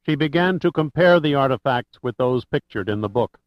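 A man reading an adventure audiobook, even and steady, dropping low at the end of lines. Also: fairly quick, no room sound. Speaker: audiobook narrator. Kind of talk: scripted narration. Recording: dull lo-fi recording.

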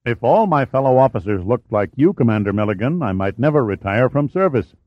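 A man's voice: medium pitch, big pitch swings, brisk, dry recording, dull audio, natural voice. A man voicing a courteous, formal naval commander in an audiobook reading. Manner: formal, polite, smooth.

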